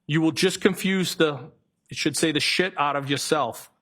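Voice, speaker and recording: A man with a Boston accent, testifying as a trial witness, reading text messages aloud in a flat, halting way and correcting himself as he goes. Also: on the high side.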